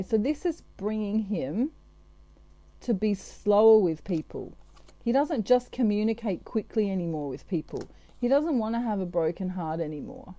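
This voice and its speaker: Chatty woman with a very dark voice. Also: mid-range voice, dry recording. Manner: chatty, with frequent fillers and asides. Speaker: tarot reader. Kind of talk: casual channelled tarot reading.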